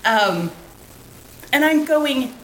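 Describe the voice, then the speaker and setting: Lively, laughing woman podcast host. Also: sits high, drawn-out words, echoey room, a little hiss or hum, rough recording. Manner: animated ranting, laughs often. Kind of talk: casual film-review chat.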